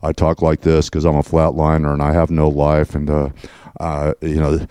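A man mocking a dull, lifeless male building inspector in a low, flat drone. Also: normal speed, clear, resonant tone, no room sound.

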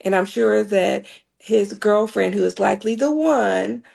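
A woman's voice: medium pitch, measured pace, creaky, crowd noise. A woman co-hosting a talk show, playful and laughing often as she chats. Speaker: co-host. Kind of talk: casual chat.

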